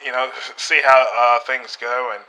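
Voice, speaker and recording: A British man talking as a podcast guest, staying in character and speaking haltingly, with many fillers and restarts. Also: mid-range voice, flat delivery, pushed and bright, smooth, rough recording.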